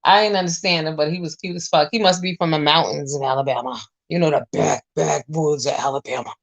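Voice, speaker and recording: A woman in her forties chatting to viewers, telling a story in a blunt, animated, profane way. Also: deep voice, brisk. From US Northeast. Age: 40s. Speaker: vlogger.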